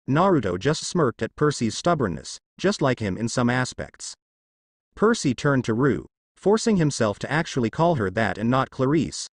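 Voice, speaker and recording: A man reading a fan fiction story aloud as narrator, with lively storytelling delivery. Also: mid-range voice, moderate pace, no room sound, studio quality.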